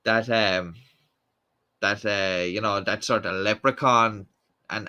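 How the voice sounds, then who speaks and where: A man's voice: lowish voice, little pitch movement, moderate pace, sharp tone, clear, resonant tone. A young Irish man hosting a live stream, chatting casually and reading out viewer comments, with lots of fillers and restarts. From Ireland. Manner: rambling, many fillers and restarts.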